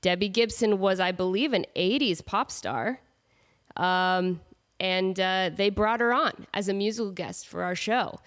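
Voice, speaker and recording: A woman in her thirties hosts her solo podcast from home, her voice nasal and stuffed up from a cold. She chats along in a self-mocking way, wandering off into asides, with her pitch sitting in a middle range for a woman. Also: unhurried, fairly bright tone. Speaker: podcast host. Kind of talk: casual solo podcast chat.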